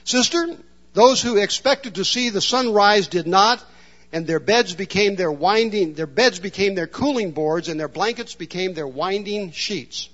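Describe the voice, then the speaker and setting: A man preacher plays a wise old grandmother, stern and solemn as she admonishes. Her voice sits high and earnest. The sermon recording sounds muffled. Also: a little slow, a bit bright. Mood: admonishing. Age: older.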